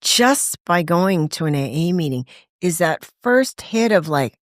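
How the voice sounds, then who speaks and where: Animated woman telling her recovery story. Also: lowish voice, a little slow, no room sound, studio quality. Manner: animated, acts out quoted voices, laughs often. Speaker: podcast guest in recovery. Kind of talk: candid conversational storytelling.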